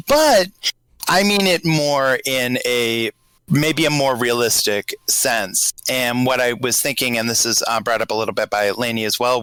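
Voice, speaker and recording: A man with a light Boston accent chats casually on a podcast panel, working through his thoughts aloud. His voice is bright and forward at a middling pitch. The sound is dry and close, with no room echo. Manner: grows animated telling a scenario. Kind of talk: casual group chat.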